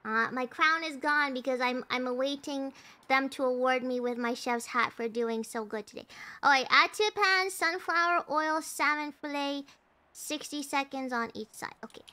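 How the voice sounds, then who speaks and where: A young woman streamer chatting casually while playing a cooking game, excitable and repeating herself in frantic bursts. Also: sits high, normal speed. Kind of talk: casual gaming stream commentary.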